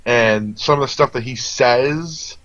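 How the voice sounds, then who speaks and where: A man chatting casually as co-host of a movie review, drifting from thought to thought with plenty of ums and restarts. His voice sits in an ordinary middle pitch. The recording is dull and lo-fi, with a dry, close sound and no room echo. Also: takes it slowly, a bit bright. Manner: rambling, with many fillers and restarts. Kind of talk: casual chat.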